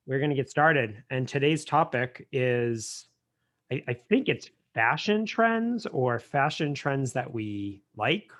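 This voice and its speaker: A man's voice: mid-range voice, expressive, slow pace, fairly bright tone. An American man co-hosting a casual podcast over a video call, joking and stumbling over his words. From United States. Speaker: podcast co-host.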